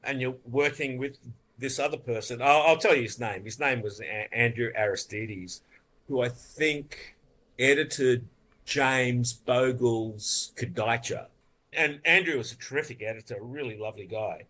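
A man tells stories in a loose, rambling way, laughing and swearing as he goes. His voice is bright and forceful, with a pitch in the middle of the range for a man. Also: measured pace. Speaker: film editor, interview guest. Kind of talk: casual interview storytelling.

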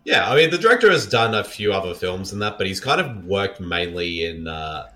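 A man's voice: low-pitched, very animated, brisk, pushed and bright. A man co-hosting a film podcast in casual chat, joking and reading out film trivia. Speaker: podcast co-host.

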